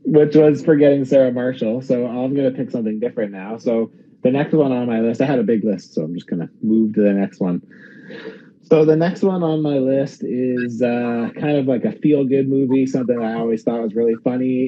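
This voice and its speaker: A man with a very dark, husky voice hosting a relaxed podcast chat. He rambles through his thoughts with plenty of fillers and the occasional swear. His recording sounds dull and lo-fi. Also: medium pitch, brisk. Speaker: podcast host. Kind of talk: casual chat.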